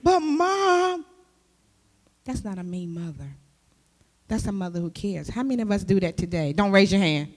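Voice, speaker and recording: A woman giving a conversational sermon as a church speaker and youth teacher, who talks in a lively way and keeps asking her listeners questions. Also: fairly low pitch, a little fast. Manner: lively, with rhetorical questions to the audience. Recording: long hall reverb.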